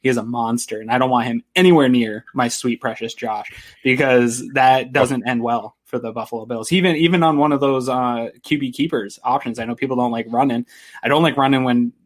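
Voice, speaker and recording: Man, mid-pitched voice, casual sports podcast co-host, chatty fan talk. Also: steady tone, fairly quick. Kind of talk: post-game sports talk.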